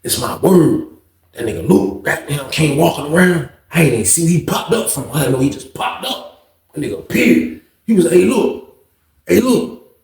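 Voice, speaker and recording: A man's voice: fairly high pitch, normal speed, echoey room. A man telling a story casually and profanely, acting out the people in it. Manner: animated, profane, acts out quotes. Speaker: storyteller host.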